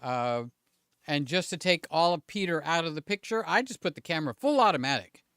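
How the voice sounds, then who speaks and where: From his home studio with several cameras, a man hosts a casual livestream, chatting, thinking out loud, poking fun at himself and regularly checking in with viewers. His voice is fairly high, expressive, pushed and bright, smooth, and a little fast, recorded with no echo.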